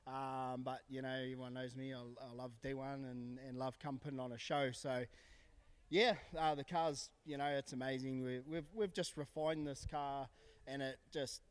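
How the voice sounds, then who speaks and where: A New man, a drift driver, talking in a relaxed, hesitant way at a racetrack. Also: mid-range voice, moderate pace, smooth. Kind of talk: casual interview. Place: outdoors at a racetrack.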